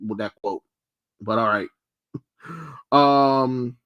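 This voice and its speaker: A man's voice: mid-range voice, very slow, clean tone, muffled recording. A young man streaming live, reacting to trailers with blunt, mocking, profane rants. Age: young adult.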